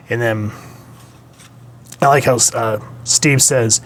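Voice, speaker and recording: A man's voice: medium pitch, steady tone, normal speed, slight background noise. A man reviewing comic books in a casual, rambling, conversational way. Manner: rambling, conversational, with many fillers.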